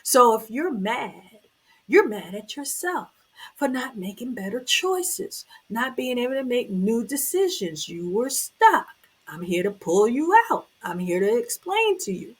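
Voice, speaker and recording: A woman hosting a motivational talk, speaking earnestly and emphatically to her viewers, with sudden loud, emotional bursts. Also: on the high side, sing-song, measured pace, breathy edge. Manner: preachy and earnest, talks straight to the viewer. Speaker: host.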